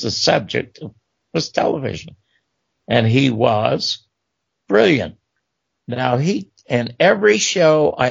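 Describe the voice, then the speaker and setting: An older man spins career anecdotes in a gravelly voice with a wide, lively swing in pitch. He slips into the voices of the people he quotes. The sound is dry and a little dull, like a modest recording setup. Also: no echo. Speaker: talk show host recounting career. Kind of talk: storytelling interview.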